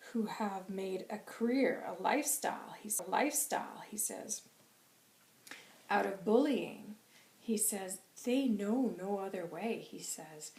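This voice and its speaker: A woman giving an intuitive reading, earnestly relaying a spirit guide's words with frequent "he says" and soft whispered stretches. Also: mid-range voice, echoey room, low-quality recording.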